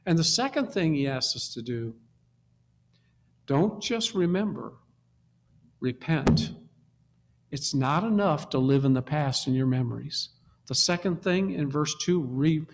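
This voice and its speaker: A man preaching a sermon, emphatic, repeating key words and swinging from quiet low passages to loud exhortation. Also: sing-song, normal speed.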